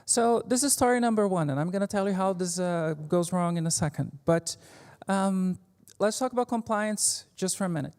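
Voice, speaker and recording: A woman's voice: mid-range voice, moderate pace, a little mellow. A woman giving a casual technical conference talk, joking, swearing lightly and leaning on fillers. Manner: informal and joking, with frequent fillers and mild swearing. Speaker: conference speaker. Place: conference stage. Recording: reverberant conference hall.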